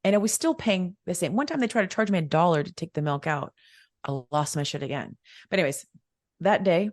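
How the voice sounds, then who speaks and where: A middle-aged woman tells a personal story at a quick clip, her voice sitting on the low side. She is emphatic and repeats herself, acting out the dialogue. The sound is close and dry. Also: expressive, dry recording. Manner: acts out quoted dialogue, emphatic and repetitive. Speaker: podcast guest, wealth mentor.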